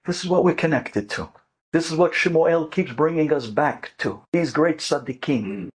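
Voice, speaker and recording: A man, a rabbi and storyteller, telling a family story in an animated, dramatic way and mixing in Hebrew words. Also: fairly high pitch, normal speed, husky. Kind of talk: lively storytelling talk.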